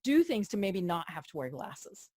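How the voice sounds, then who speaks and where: A woman's voice: lowish voice, big pitch swings, normal speed, darkish tone, dry recording, studio quality. A middle-aged woman hosting a business show, chatting casually with a self-mocking streak and lots of agreeing murmurs. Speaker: podcast host. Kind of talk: casual chat.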